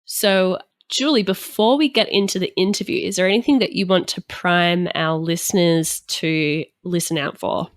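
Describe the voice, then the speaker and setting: A woman hosts a business podcast in an easygoing, unhurried way. Her voice sits on the low side. The sound is dry and close to the mic. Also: no room sound. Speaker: podcast host. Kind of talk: casual podcast chat.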